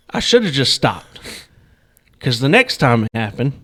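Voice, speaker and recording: A man co-hosting a podcast, telling a story in casual chat and acting out the lines he yelled. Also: medium pitch, a little slow, husky. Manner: animated storyteller acting out his own yelling. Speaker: podcast co-host.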